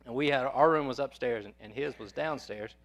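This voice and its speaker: A man preaching a sermon, spinning homespun family stories into his message. He talks in a folksy, repetitive storytelling manner and keeps his voice at a middle pitch. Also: a little fast, highs cut off. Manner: folksy storyteller, repeats words as he goes.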